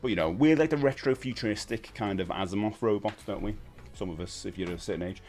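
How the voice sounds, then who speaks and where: A man's voice: fairly low pitch, fast talker, darkish tone, faint music behind. A man, hosting a casual live stream and chatting with viewers in a rambling, friendly way. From United Kingdom. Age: 50s. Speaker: livestream host.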